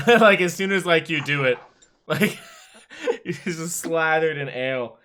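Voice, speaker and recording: A man narrating a tabletop game as game master, animated and laughing often, with a rambling, filler-heavy delivery. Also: fairly high pitch, slow pace.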